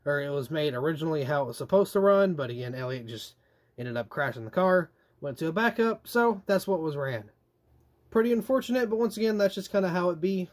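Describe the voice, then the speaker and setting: Young guy rambling through a diecast car review, kinda high voice, slangy and animated. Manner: chatty, animated, slangy, drawn-out complaints. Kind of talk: casual product review.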